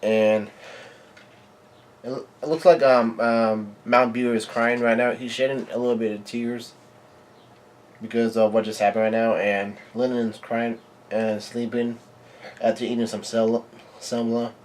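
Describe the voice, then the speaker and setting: A man at a mid-range pitch, reading a comic chapter aloud as a live reaction. His delivery is halting, full of ums and restarts as he works through each panel. He speaks as the host of his own channel. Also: level tone, darkish tone, slight background noise. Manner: halting, with frequent fillers and restarts.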